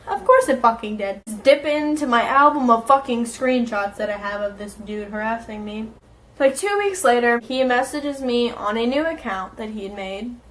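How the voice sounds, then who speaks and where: A woman's voice: a little high, lively intonation, moderate pace, a bit bright, slight background noise. A woman vlogger telling a casual storytime in an exasperated, sarcastic and heavily profane manner.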